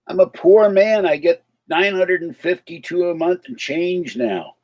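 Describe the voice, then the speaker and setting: A man's voice: high voice, a little slow, a little mellow, lo-fi sound. A man hosting a casual livestream, rambling with chuckling asides to chat, with a slight slur in his speech. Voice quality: slight slur from missing teeth. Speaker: livestream host.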